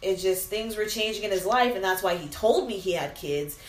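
A woman hosting a casual chat, lively and quick to laugh as she asks questions. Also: medium pitch. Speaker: podcast host. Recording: echoey room with faint noise.

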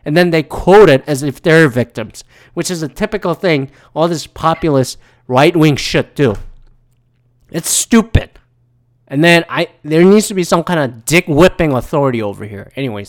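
A vlogger from Michigan pours out a furious, foul-mouthed rant. The pitch swings widely as the words speed up and climb toward near-shouting, then drop again between bursts. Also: animated, normal speed. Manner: heated, swearing, rising to near-shouting. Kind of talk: profane angry rant to camera.

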